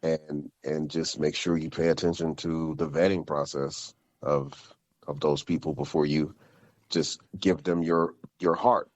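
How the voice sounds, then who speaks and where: A man co-hosting a casual podcast, talking haltingly and repeating words as he works through his thoughts. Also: a bass voice, flat delivery, a little mellow, no room sound. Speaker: podcast co-host.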